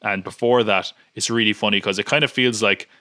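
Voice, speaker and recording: A man's voice: lowish voice, steady tone, fairly quick, pushed and bright, no echo, studio quality. A man hosting a podcast in casual chat, rambling and nitpicking with many restarts. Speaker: podcast host.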